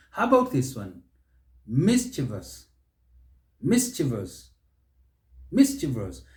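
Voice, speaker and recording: Kenyan man drilling pronunciation, lively pitch. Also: roomy sound. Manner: drills each word by repeating it slowly. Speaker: pronunciation teacher. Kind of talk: instructional monologue.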